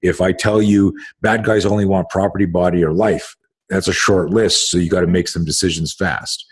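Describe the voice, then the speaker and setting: A man's voice: low-pitched, fairly even intonation, normal speed, breathy edge. A man hosting a podcast as a self-defense instructor, talking in an emphatic, profane, casual way with many restarts.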